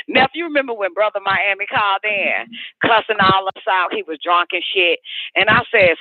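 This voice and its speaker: A man's voice: high voice, brisk, no echo. A male radio host telling a story in a heated, mocking, profane way, heard through a phone-like line. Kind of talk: talk radio rant.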